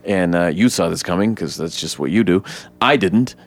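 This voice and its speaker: A man co-hosting a casual podcast, retelling a film scene by scene with lively acted-out quotes and frequent swearing. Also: normal speed. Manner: animated retelling, acts out quotes in high voices; swears freely. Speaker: podcast co-host. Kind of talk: casual movie breakdown chat.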